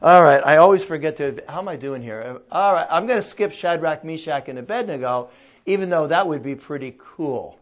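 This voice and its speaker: A man's voice: fairly high pitch, expressive, fairly quick. An older man preaching a sermon in a conversational, folksy way, full of rhetorical questions. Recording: dull lo-fi recording.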